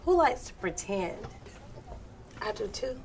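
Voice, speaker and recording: A woman teacher leading a young class, speaking clearly and expressively and slowing down to model reading. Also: medium pitch, big pitch swings, a little hiss or hum. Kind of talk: classroom reading lesson with children.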